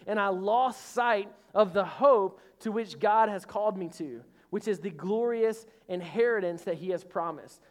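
A male pastor giving a casual, conversational sermon. He speaks earnestly, slips in joking asides and calls on the congregation to respond. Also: high-pitched.

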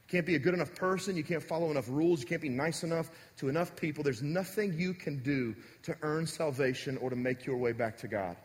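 A man's voice: on the high side, fast, few pauses. Conversational male preacher in an echoey hall. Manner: conversational, direct, emphatic. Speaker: pastor. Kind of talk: sermon.

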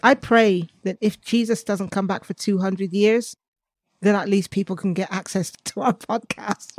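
A woman co-hosting a faith podcast in casual chat, lively and often laughing, who breaks into animated asides. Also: mid-range voice, normal speed. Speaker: podcast co-host.

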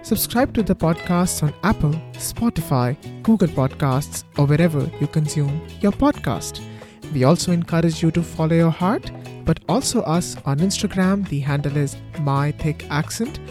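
A man's voice: fairly high pitch, normal speed. Indian-accented man hosting a podcast. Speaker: podcast host. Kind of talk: scripted podcast introduction. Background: faint guitar music.

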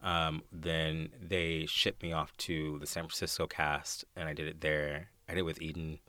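An American man in his thirties, a guest actor telling stage stories in a casual interview, animated and often laughing. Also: extremely low pitch, moderate pace, no room sound. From United States. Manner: animated storyteller, acts out quoted voices, laughs often.

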